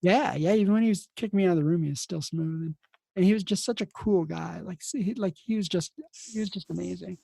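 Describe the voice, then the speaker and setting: A man telling stories from his nursing career in a casual, rambling way, restarting his sentences again and again. His voice is low-toned, mellow and gravelly with a husky edge, recorded dry and close. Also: quick pace, dry recording. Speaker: podcast host and emergency nurse. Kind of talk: casual storytelling.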